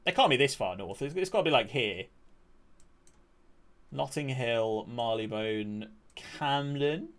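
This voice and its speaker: A man's voice: mid-range voice, lively intonation, measured pace, pauses often, fairly bright tone. A young man, streaming a game live and bantering with his chat in a casual, joking way, swearing now and then.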